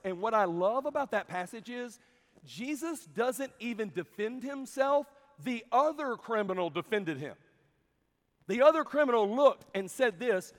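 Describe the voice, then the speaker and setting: A man preaching a sermon, telling a story with lively acted-out dialogue. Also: high voice, normal speed. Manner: animated storytelling, acting out dialogue. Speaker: camp preacher. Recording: long hall reverb.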